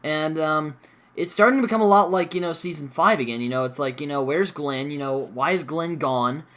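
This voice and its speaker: A man's voice: on the high side, fairly quick, a bit bright. A young man giving a casual, rambling review of a TV episode, full of fillers and mild swearing. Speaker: show reviewer.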